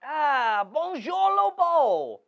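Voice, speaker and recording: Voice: sits high, big pitch swings, drawn-out words, gravelly, full character voice. Performer doing a grumpy ghost of a horror host, phone call, fake French accent, swooping voice. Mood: pompous. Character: cranky ghost of an old male horror host.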